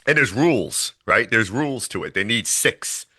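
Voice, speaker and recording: A man's voice: lowish voice, moderate pace, slightly rough. A man co-hosting a podcast, retelling a horror movie in casual, profane, laughing chat. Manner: profane, laughing, animated storytelling. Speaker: podcast co-host.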